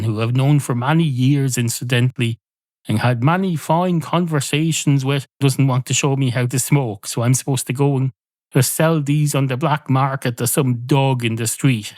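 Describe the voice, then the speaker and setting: A man's voice: mid-range voice, darkish tone, no room sound, studio quality, pitched above the performer's own voice, lightly acted. A man voicing a pushy, indignant male cat who is a regular at a bar. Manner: pushy, aggrieved, swears freely.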